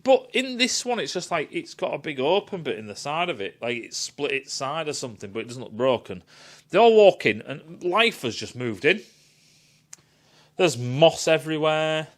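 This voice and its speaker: A man's voice: a little high, very animated, normal speed. A man giving a sweary, sarcastic rant reviewing a film.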